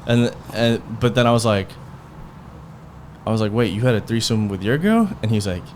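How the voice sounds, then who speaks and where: A man's voice: lowish voice, expressive, normal speed, darkish tone, a little hiss or hum. Man telling a heated story on a podcast. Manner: heated, profane, rambling retelling with quoted dialogue. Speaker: podcast host. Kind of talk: casual storytelling.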